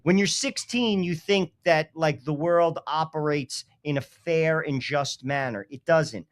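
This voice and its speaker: A man co-hosting a political talk show, explaining his point in a measured way. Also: on the high side. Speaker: co-host.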